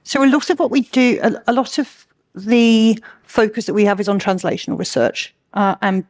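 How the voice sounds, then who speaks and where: A woman's voice: a little high, normal speed, darkish tone. A woman answering on a conference panel, fluent and practical with a few filler ums.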